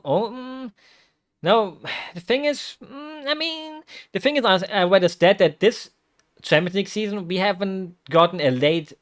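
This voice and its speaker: Excitable man reacting to football. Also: a little high. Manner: excitable, rambling, bursts of loud exclamations. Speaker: vtuber streamer. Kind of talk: live football watch-along reaction.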